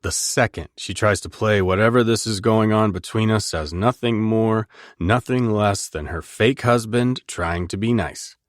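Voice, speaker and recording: Male audiobook narrator, deep voice, intimate and measured, dry booth sound. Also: no room sound. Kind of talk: first-person romance narration.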